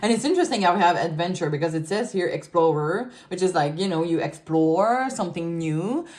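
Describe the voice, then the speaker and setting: Chatty woman, lowish voice. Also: lively intonation, fairly quick, a little mellow. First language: French. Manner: chatty and giggly, loose filler-heavy talk. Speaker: tarot reader. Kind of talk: casual tarot reading.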